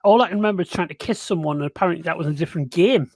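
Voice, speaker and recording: A man's voice: fairly high pitch, racing, darkish tone, no room sound, clean studio sound. An older man playing a tabletop game, trading playful jokes in casual talk. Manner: jokey, playful banter. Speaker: player.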